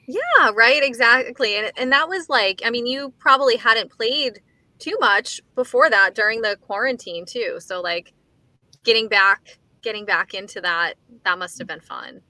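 A woman's voice: fairly high pitch, moderate pace, bright, forceful tone, no room sound. A woman interviewing a musician, eager and full of praise, often saying "like" and "so great.". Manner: enthusiastic, fillers like "like" and "so great". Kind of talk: casual interview.

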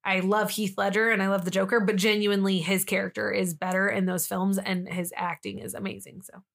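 A young woman with a mid-range voice, flat delivery and vocal fry talks fairly quickly while co-hosting a casual true-crime podcast. She tells it like a chatty storyteller, dramatizing what people said and leaning on "like".

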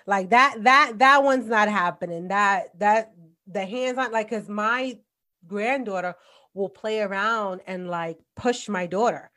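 A woman in her forties, a guest on a casual podcast, talking bluntly and telling animated stories about raising kids, with a New York accent. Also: medium pitch, measured pace. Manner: blunt, animated storytelling with laughs.

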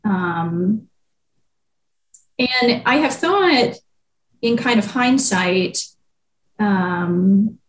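A woman's voice: mid-range voice, animated, extremely slow, pauses often. A young adult woman, a newspaper reporter, answering interview questions in a reflective way with frequent ums and likes. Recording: echoey room.

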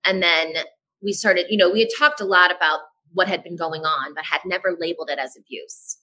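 Woman on a podcast, bright clear voice, candid and animated, swears now and then, does little voices for people. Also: on the low side, poor audio. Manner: animated, acts out dialogue in quick voices; frank, swears casually. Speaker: podcast guest. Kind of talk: candid personal storytelling in a casual podcast chat.

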